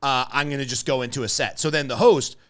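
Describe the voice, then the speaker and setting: A man's voice: mid-range voice, fairly even intonation, fast, fairly bright tone. A man hosting a podcast, telling a story in casual chat, acting out quotes and swearing freely. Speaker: podcast host.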